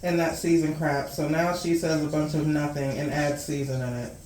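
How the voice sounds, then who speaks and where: Calm woman reading comments, echoey room. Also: low voice, normal speed. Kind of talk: reading viewer comments aloud. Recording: echoey room with faint noise.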